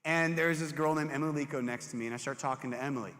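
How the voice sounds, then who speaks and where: A young man preaching to middle schoolers as their youth pastor, animated and storytelling, who jumps into high voices for classmates. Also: very fast. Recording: hall reverb.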